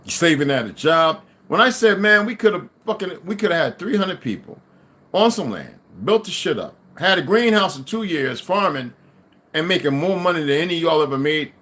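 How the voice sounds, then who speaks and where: Man ranting with lively swinging pitch. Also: normal speed. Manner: angry, insulting, swearing heavily. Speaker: livestream host. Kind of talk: profane ranting monologue.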